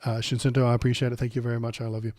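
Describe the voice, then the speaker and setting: A man hosts a political livestream, talking bluntly and sarcastically with plenty of swearing. His voice is dark and mellow, and his throat is sore from a cold. The sound is dry and close, with little room around it. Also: mid-range voice, little pitch movement, racing, dry recording. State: coming down with a cold, throat bothering him. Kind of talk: ranting political commentary.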